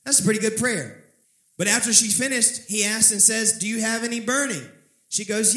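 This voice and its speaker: A man preaching a sermon, telling a story and calling on the congregation to answer back, with dramatic slowing on key phrases. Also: high voice, sharp tone, echoey room, rough recording. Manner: preaching with call-and-response prompts to the congregation. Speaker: pastor.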